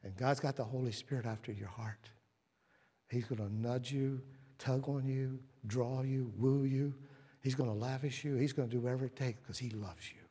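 A man preaching a sermon, telling stories and acting out the voices in them, moving from hushed whispers to loud, emphatic lines. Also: medium pitch, fairly even intonation, a little fast, breathy edge. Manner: storytelling, acts out quoted voices. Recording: long reverb of a large hall.

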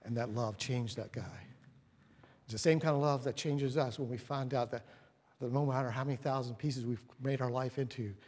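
Man preaching, husky voice, drops to a whisper then booms, long hall echo. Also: fairly even intonation, moderate pace. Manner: swings from hushed whispers to loud emphatic lines; storytelling, acts out quoted voices. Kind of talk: sermon. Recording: long reverb of a large hall.

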